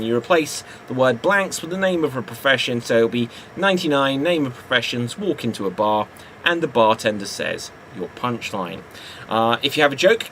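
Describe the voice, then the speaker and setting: A man's voice: mid-range voice, a bit bright, slight background noise, rough recording. A man hosting an improv comedy show, patiently explaining the rules of a joke game.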